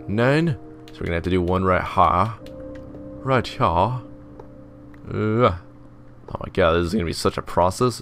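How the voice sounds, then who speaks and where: A young man with a fairly low voice talks his way through a game session in a loose, rambling commentary. He jokes about himself and mimics his commenters in silly voices. Faint music plays under him. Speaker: gaming video host. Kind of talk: casual let's-play commentary.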